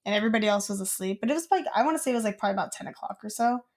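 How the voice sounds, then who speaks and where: A woman's voice: medium pitch, animated, very fast, darkish tone. A young woman co-hosting a podcast, telling a childhood story in casual chat, rambling with lots of "like.". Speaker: podcast co-host.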